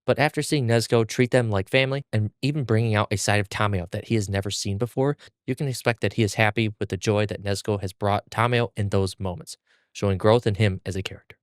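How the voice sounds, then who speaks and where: A man's voice: on the low side, fairly even intonation, fast, clear, resonant tone, dry recording, clean studio sound. A man hosting a podcast, recapping and discussing a manga with enthusiasm. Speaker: podcast host. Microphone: mic on stand.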